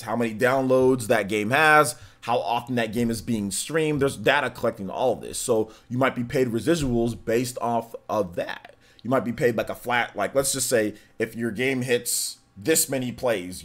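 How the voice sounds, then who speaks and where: A man hosting a live gaming-news stream reads viewer comments aloud and answers each one in loose, casual talk. His pitch sits in the middle range for a man. He can turn blunt and heated as he goes. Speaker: streamer host.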